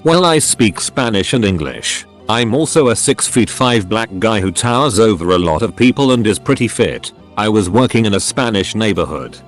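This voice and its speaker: A man reading short funny stories aloud as a scripted narration, with a lively storytelling delivery. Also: on the low side, normal speed, few pauses, soft background music.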